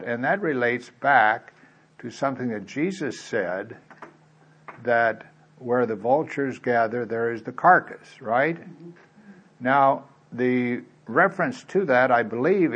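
A man preaching a sermon in a folksy, conversational way. He drops to quiet asides and then reads scripture loudly and emphatically. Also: medium pitch, slightly rough, dull audio. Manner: swings from quiet asides to loud emphatic reading.

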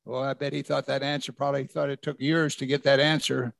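A man's voice: fairly high pitch, fairly even intonation, brisk, creaky, few pauses, fairly bright tone, no echo. A man preaching a conversational sermon, reading scripture verse by verse and putting questions to his listeners. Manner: conversational, asks the congregation questions. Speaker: pastor.

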